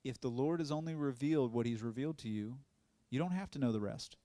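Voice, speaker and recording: In a dry recording, a man who is an evangelist preaches his testimony at a fast clip in a medium-pitched voice. His storytelling is animated, full of impersonated voices and frequent laughter.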